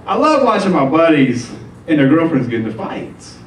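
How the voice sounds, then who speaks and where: On a comedy club stage, a man with a fairly high, sing-song voice performs stand-up at normal speed, telling loose stories packed with filler words and doing voices for the characters. The recording sounds roomy and distant, with faint noise.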